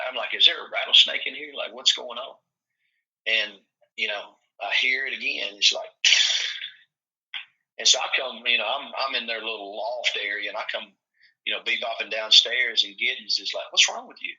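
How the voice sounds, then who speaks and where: A man from Tennessee who coaches football spins long, folksy stories and acts out what people said. His voice sits a bit low yet sounds sharp and forceful. The recording is dull and lo-fi. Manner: folksy, animated storyteller acting out quotes. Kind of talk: casual storytelling chat.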